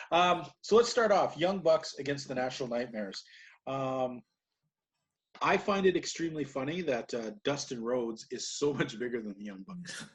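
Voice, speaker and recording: A man co-hosting a podcast, recapping wrestling matches in casual, rambling chat and laughing often. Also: medium pitch. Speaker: podcast co-host.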